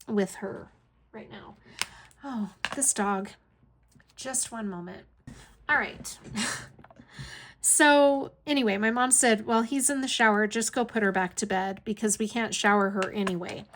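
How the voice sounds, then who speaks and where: Woman, middle-aged, casual storytelling, chatty, laughs a lot, somewhat high voice, at home. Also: a bit bright, slight background noise. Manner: chatty, laughs often while telling the story. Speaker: hobby vlogger, caregiver to her aunt.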